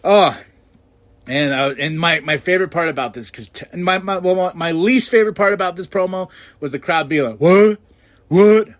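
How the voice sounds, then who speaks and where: A man hosting a podcast, giving an excitable casual recap of a show and acting out what people said in loud bursts. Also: a little high, a little fast. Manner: excitable, acts out quotes with loud outbursts. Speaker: podcast host.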